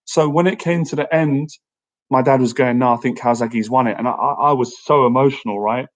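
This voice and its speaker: A man's voice: mid-range voice, brisk, low-quality recording. Upbeat chatty man on a live stream. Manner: chatty and upbeat, often asks "right?"; laughs easily, animated when telling stories. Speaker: social skills coach and YouTuber.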